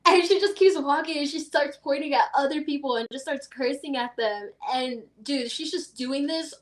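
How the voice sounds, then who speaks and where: A woman's voice: sits high, normal speed. Chatty young-sounding woman from Vegas. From Las Vegas, USA. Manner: animated storyteller, laughs often, lots of filler words. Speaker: guest. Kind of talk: casual chat.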